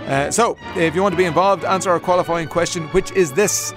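A man's voice: high voice, a little fast, few pauses, over music. An Irish man presenting a radio show in a chatty, casual way, reading out listener messages. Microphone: studio mic.

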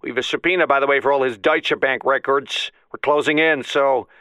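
A man voicing a calm, dogged male special counsel, measured and coaxing. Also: mid-range voice, clear, resonant tone, no room sound, close to an everyday voice.

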